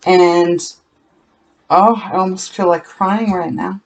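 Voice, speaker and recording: A tarot reader giving a solo card reading to viewers. The talk is earnest and emotional, leans slowly on painful words, and often repeats or corrects itself mid-sentence. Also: medium pitch, fairly even intonation, muffled recording.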